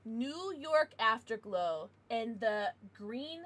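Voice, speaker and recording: A woman's voice: a little high, expressive, takes it slowly, fairly bright tone. A young American woman chatting casually on a livestream, giggly and bubbly as she greets viewers and reads out chat.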